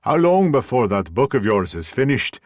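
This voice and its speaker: A man's voice: mid-range voice, big pitch swings, normal speed, dry recording, clean studio sound, voice pushed up. A man voicing an older Scottish woman who runs a pub, friendly and chatty, with a Scottish accent.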